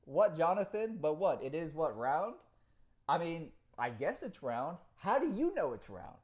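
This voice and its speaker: Animated man on a live stream. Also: fairly high pitch, unhurried. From Cuba. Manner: animated, profane, laughing often. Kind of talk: casual live-stream chat reading comments.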